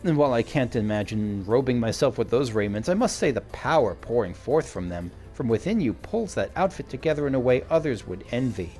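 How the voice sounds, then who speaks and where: A man's voice: medium pitch, big pitch swings, a little fast, few pauses, a little mellow, lightly acted. A man voicing a flamboyant male fashion judge who speaks in ornate, theatrical compliments, with faint game music behind. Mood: flowery.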